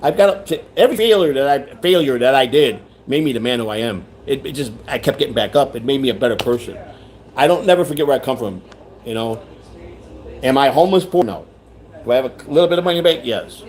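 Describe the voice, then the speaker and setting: A man's voice: medium pitch, expressive, fast, darkish tone, a little hiss or hum. A man hosting a rambling livestream chat, repeating himself, restarting sentences and reading viewer comments aloud. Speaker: livestream host.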